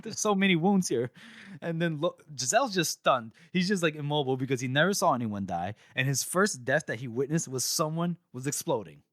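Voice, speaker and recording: A young man co-hosting a podcast, retelling a book chapter in casual chat, animated and laughing as he acts out lines. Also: a little high, a little fast, dry recording, studio quality.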